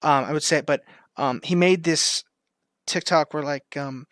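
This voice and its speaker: A man co-hosting a podcast in casual chat, rambling and animated and quick to laugh. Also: fairly high pitch, no room sound, clean studio sound. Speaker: podcast co-host.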